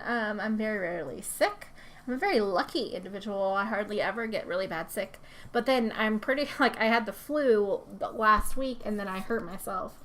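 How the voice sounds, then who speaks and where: A woman's voice: on the high side, fairly bright tone. A woman hosting her gaming channel, giving casual let's-play commentary, chatty and prone to laughing as she coaxes her game characters along.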